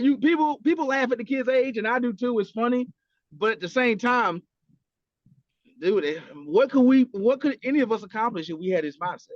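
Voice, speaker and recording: Animated, profane man in casual podcast talk. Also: sits high, no room sound, muffled recording. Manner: animated, profane, acts out quotes. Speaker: podcast co-host. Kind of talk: casual chat.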